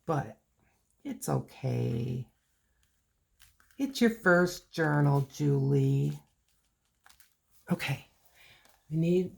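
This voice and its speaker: A woman's voice: low voice, expressive, very slow, creaky, pauses often, husky. A woman hosting a casual crafting video, chatting and talking to herself while she works on a journal.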